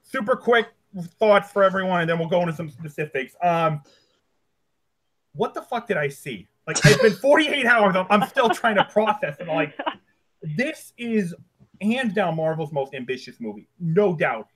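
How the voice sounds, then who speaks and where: High-voiced man hosting a casual chat. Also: animated, fairly bright tone. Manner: halting, lots of ums and restarts, curses casually. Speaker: podcast host.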